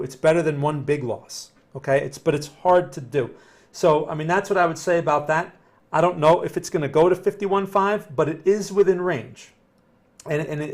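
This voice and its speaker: A man hosting a casual live session, answering viewer questions while he reads trading charts aloud in a conversational, think-aloud way. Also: a little high. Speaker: trading analyst host.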